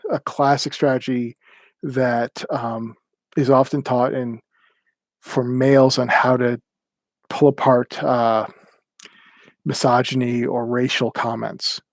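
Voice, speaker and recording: Halting man teaching a livestream class. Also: a little mellow, no room sound. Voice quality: halting, many restarts and ums. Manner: plainspoken, acts out quoted remarks with raised pitch. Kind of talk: livestreamed talk.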